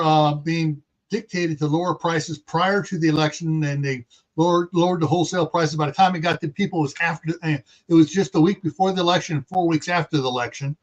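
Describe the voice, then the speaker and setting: A man from California hosting a casual livestream chat, rambling with sarcastic asides. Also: on the high side. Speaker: host.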